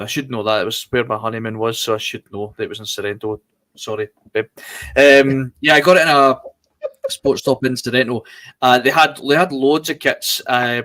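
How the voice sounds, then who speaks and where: A Scottish man co-hosting a live podcast, telling anecdotes in a relaxed, chatty way. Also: mid-range voice. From Scotland. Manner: anecdotal, laughs while telling stories. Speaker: podcast co-host. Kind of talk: casual live-stream chat. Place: home studio for a live stream.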